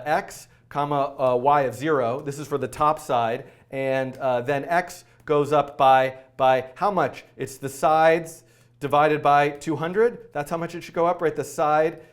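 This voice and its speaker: A man hosting a live coding stream, thinking aloud in a rushed, flustered way, full of fillers and self-corrections. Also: fairly high pitch. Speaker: coding livestream host.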